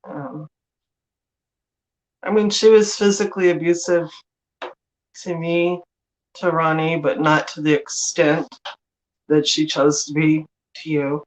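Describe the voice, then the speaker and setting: A woman host sharing her own memories in a slow, measured way. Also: low-pitched, flat delivery, rough recording. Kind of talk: personal storytelling.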